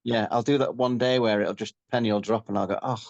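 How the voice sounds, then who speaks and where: A man with a Yorkshire accent, a rock singer chatting as a guest in a relaxed, rambling, modest way. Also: lowish voice, quick pace, gravelly, no room sound, lo-fi sound. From Yorkshire, England. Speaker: rock band frontman, guest. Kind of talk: casual interview chat.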